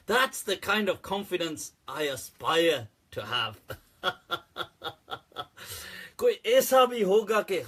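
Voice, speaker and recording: A man hosts a casual live stream, joking and teasing the viewers as he goes. His voice sits fairly high and sounds husky. He talks slowly and laughs often. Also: a bit bright. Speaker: host of a live Islamic Q&A show.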